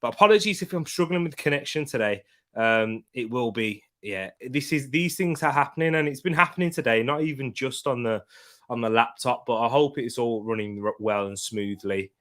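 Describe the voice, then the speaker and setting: A young man talks casually into his home stream, tired but still chatty. His voice sits at a middle pitch as he gives slangy shout-outs and reads out comments from his viewers. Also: normal speed. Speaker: football watchalong streamer. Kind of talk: casual live-stream chat.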